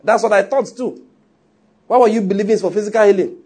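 A man's voice: high-pitched, fast talker, darkish tone, slightly rough, pitched above the performer's own voice. A man voicing a sly, persuasive male devil as part of a sermon. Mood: coaxing.

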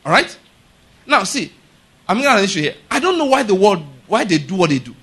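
A male pastor's husky, high voice takes on a sing-song quality as he preaches at a quick pace. Emphatic throughout, he keeps asking the congregation if they follow, climbing to loud, forceful declarations.

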